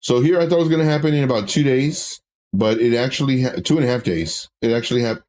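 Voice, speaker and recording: A man's voice: medium pitch, fast, darkish tone. Man chatting over a trading chart. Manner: rambling, personal storytelling. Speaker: crypto trading educator. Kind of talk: casual livestream chat.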